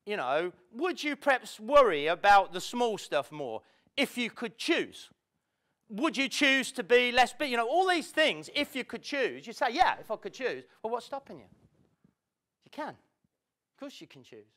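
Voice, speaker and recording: A man's voice: very high voice, sing-song, measured pace, pushed and bright. A man giving a motivational talk to a live audience in an event room, playful and acting out the people he quotes. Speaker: motivational speaker.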